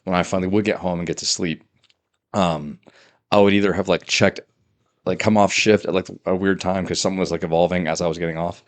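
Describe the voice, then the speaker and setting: A man who works as a police officer, chatting casually on a podcast with a dry, deadpan humor. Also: low voice, quick pace. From California.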